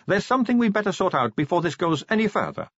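Guy putting on a high teasing young vampire girl, chatty and cheeky, dull lo-fi sound. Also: very animated, quick pace, no echo, full character voice. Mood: sly. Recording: dull lo-fi recording.

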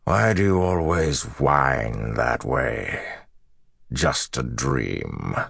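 A man putting on an ancient male villain in a storybook reading, cold and arrogant, drawing every word out in a slow, sneering drawl. The voice sits very low, with a gravelly edge under it. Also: lively intonation, a bit bright, dry recording, studio quality, heavily acted. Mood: mocking.

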